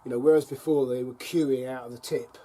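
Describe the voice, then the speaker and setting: Chatting to camera by a fire on his allotment, this middle-aged vlogger tells wry tales punctuated by chuckles and dry digs. He speaks fairly quickly at a medium pitch, with a steady, dark-toned voice.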